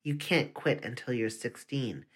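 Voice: mid-range voice, lively intonation, measured pace, slightly rough. A reader voicing a stern lecturing school principal. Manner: lecturing, threatening. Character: stern middle-aged male school principal.

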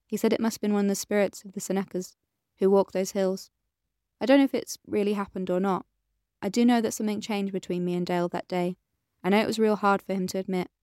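A woman's voice: medium pitch, steady tone, fast, smooth, dry recording, clean studio sound, lightly acted. A woman reading a tender, confiding woman. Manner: soft and pleading. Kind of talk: audiobook character reading.

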